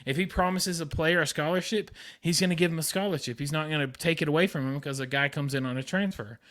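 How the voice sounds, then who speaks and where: A man's voice: fairly high pitch, fast talker, a bit bright. A young man hosting a casual sports podcast, talking with enthusiasm and heavy repeated emphasis. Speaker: podcast host.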